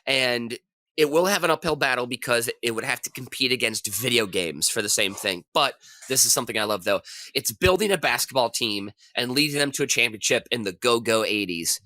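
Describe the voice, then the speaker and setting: A man, a podcast contestant, pitching a game idea in casual, rambling chat. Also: expressive, brisk, pushed and bright, no echo.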